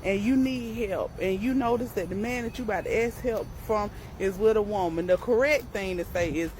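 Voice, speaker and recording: A woman's voice: mid-range voice, animated, moderate pace, hardly any pauses, a little mellow, a little hiss or hum, poor audio. A woman telling an amused, chatty story to her phone while shopping in a grocery store. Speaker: social media storyteller. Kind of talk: casual storytime to camera.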